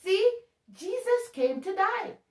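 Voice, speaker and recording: A woman giving a casual, animated Bible talk, chatty and joking at her own expense. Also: extremely high pitch, slow pace. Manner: chatty and animated, laughs at herself. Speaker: Bible teacher. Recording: roomy sound from a distance.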